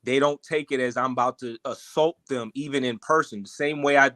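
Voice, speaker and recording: A man on a podcast panel, arguing in an animated, defensive way with frequent restarts. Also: medium pitch, a little fast. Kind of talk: heated panel debate.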